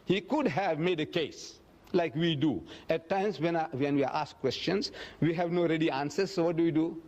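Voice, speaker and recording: A man giving a public religious lecture, acting out quoted speech dramatically and slowing down to stress key phrases. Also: animated, darkish tone. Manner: dramatic, acts out quoted speech with big pitch swings.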